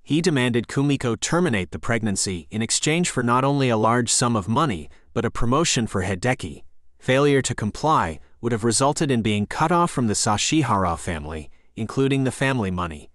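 A man narrating a scary story in a calm, measured, scripted way. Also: mid-range voice, dry recording, studio quality.

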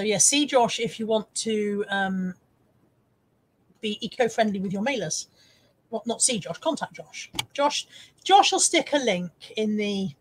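A woman's voice: mid-range voice, rough recording. A woman hosting a casual live stream, chatting and laughing as she reads out viewer comments. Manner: chatty, self-mocking, laughs often. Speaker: live-stream host reselling on eBay.

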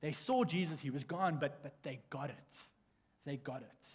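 A man preaching a sermon in a church, telling stories in a lively way with frequent restarts. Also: a little high, normal speed, husky. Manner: animated storytelling with restarts. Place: church sanctuary. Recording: long church hall reverb.

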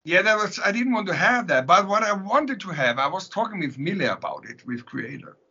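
A man with a German accent, a musician guest telling stories in a casual interview, animated, laughing often and repeating words. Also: high-pitched, brisk, husky. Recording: dull lo-fi sound.

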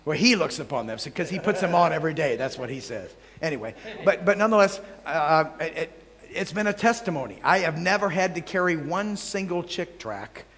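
A man's voice: a little high, a little fast. Storytelling male preacher in a reverberant hall. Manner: animated anecdotes, jokey asides to the audience. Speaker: traveling Bible teacher. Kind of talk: storytelling sermon. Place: large hall before a live audience.

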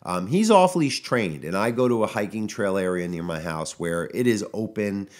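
A man's voice: lowish voice, lively intonation, normal speed. A man, a dog trainer, hosting his own podcast in casual solo talk and venting his frustration. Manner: frustrated ranting, quoting people in raised voices.

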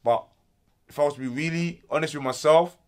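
Young guy from congo ranting loud, lots of swearing and slang, interview chat. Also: on the high side, brisk. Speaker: interview guest.

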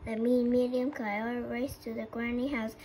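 A woman with a Vietnamese accent reads a children's story aloud. Her voice sits a little high, and her reading halts with frequent slips and restarts. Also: flat delivery, unhurried, warm tone, slight background noise, poor audio. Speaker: storybook reader.

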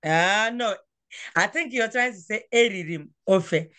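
A woman teaching a language class over a phone, patient and coaxing, repeating words slowly. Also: mid-range voice, a bit bright.

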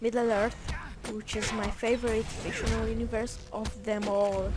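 A woman's voice: a little high, little pitch movement, a little slow, few pauses, over loud music. A woman giving casual gameplay commentary in a playful, rambling way, with joking asides to herself. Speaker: gameplay narrator.

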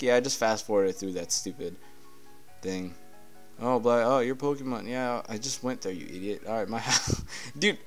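A man's voice: mid-range voice, moderate pace, faint music behind. A man casually commentating a video game playthrough, rambling, swearing and getting irritated at the game. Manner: profane, rambling, easily irritated. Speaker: gameplay commentator. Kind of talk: casual let's-play commentary.

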